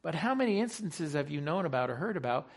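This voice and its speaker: A man's voice: a little high, sing-song, fast talker. A man preaching a sermon in an emphatic way, using rhetorical questions and repeating key phrases.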